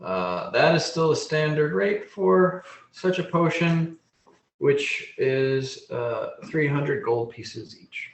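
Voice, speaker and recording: A man voicing a fussy male gnome apothecary shopkeeper in a high, fluttery, eager-to-please voice. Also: animated, slow, creaky, roomy sound, a little hiss or hum, exaggerated voice, low-quality recording. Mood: proud.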